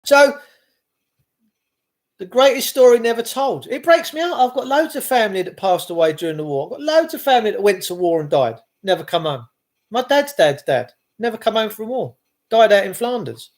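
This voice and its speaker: Middle-aged man, high voice, rambling vlog monologue, impassioned, lots of restarts. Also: sing-song, normal speed. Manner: impassioned, repetitive, with frequent restarts.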